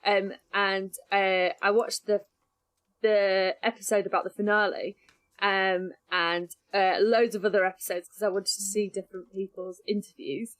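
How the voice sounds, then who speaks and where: A woman priest co-hosting a casual podcast, retelling a show with animated, acted-out quotes. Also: mid-range voice, moderate pace. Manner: animated retelling, acting out quotes in jumpy voices.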